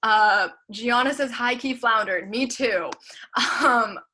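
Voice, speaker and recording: A young woman teaching debate online, briskly reading out a practice speech in a drill-like list and then checking in with her students. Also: fairly high pitch, bright, forceful tone, a little hiss or hum. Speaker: debate camp instructor.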